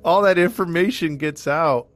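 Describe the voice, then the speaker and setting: A man's voice: a little high, moderate pace. A man hosting a podcast, casually telling a true-crime story to his co-hosts, rambling with many fillers. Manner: rambling, filler-heavy, restarts often.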